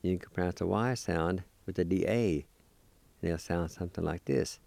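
A man's voice: sits low, moderate pace, gravelly, darkish tone, no room sound. A man teaching a language lesson, patiently spelling and pronouncing words syllable by syllable and encouraging the listener. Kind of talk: slow recorded language lesson.

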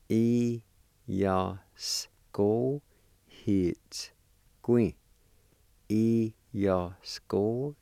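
Slow, gravelly low-voiced man teaching. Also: a little mellow, no room sound. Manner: patient, encouraging, spells words out syllable by syllable. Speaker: language teacher. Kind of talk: slow recorded language lesson.

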